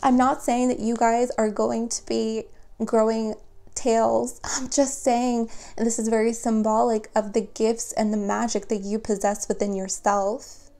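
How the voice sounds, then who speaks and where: A woman's voice: on the high side, little pitch movement, measured pace, vocal fry, warm tone. A woman giving a spiritual tarot reading, talking earnestly and encouragingly straight to her viewers, with many fillers. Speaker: tarot reader.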